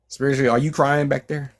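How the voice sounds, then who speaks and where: A man with a medium-pitched voice reads his own novel aloud in a measured way, often restarting, and then chats with his listeners.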